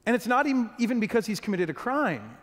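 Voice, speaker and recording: A high-voiced man preaches in a church hall, his words ringing out with a long echo behind them. He talks to the congregation earnestly, often stumbling into quick restarts and doubling words before pressing on. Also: very animated. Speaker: pastor. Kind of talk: sermon.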